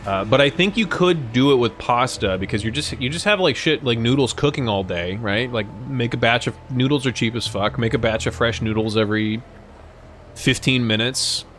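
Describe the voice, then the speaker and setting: Young guy, mid-pitched, swears a lot, riffs loosely with chat over faint music. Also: normal speed, a bit bright. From United States. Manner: profane, rambling, jokey. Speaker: streamer. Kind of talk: casual live-stream chat.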